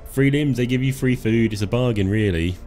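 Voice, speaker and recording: A live-stream gamer with a medium-pitched, slightly mellow voice talks briskly as he plays, joking and chuckling while addressing himself and his chat. Faint music sits behind him.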